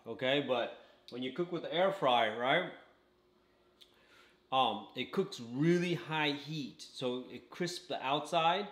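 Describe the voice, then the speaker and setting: A man hosts a casual home cooking vlog, reviewing food as he eats and chatting away, ending his sentences with "okay?". His voice is on the high side with a fairly bright tone, and the recording has a roomy echo.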